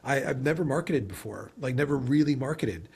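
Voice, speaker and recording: A man with a husky, breathy edge to his voice speaks as a podcast guest in a mid-pitched voice. He talks in a loose, reflective way and keeps circling back with "you know". It sounds like a conversational interview. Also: lively intonation, a little fast, darkish tone. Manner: reflective and rambling, heavy use of "you know". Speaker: podcast guest, sales leader.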